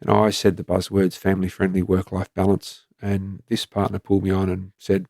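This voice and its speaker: A man's voice: deep voice, monotone, a little fast, gravelly, a little mellow, dry recording, studio quality. A man in his fifties with an Australian accent, a former police commander telling frank stories in a plain-spoken conversational way. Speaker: retired police commander and guest. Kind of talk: candid conversational storytelling.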